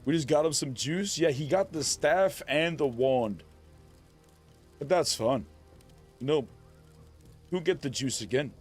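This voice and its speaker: A man streaming a game live, chatting in a laid-back, joking way. His voice sits slightly high, with soft game music underneath. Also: measured pace, long pauses, husky. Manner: laid-back, jokey banter. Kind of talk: casual live-stream commentary.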